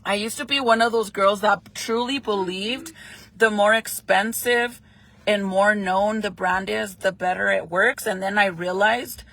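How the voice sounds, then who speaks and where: Chatty woman with a gravelly edge. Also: medium pitch, steady tone, measured pace, a bit bright. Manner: chatty, swears freely, laughs often. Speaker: vlogger. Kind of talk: casual chat while doing makeup.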